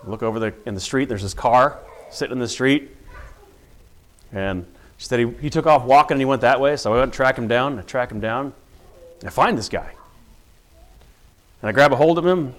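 A middle-aged man, a police officer, telling a personal story in earnest and acting out the dialogue as a testimony of faith. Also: mid-range voice.

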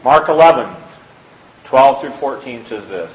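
A man's voice: lively intonation, measured pace, muffled recording. A man giving an informal sermon, reading scripture aloud and talking plainly to his listeners. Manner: conversational, reads scripture aloud, rises in pitch when pressing a point. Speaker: lay preacher.

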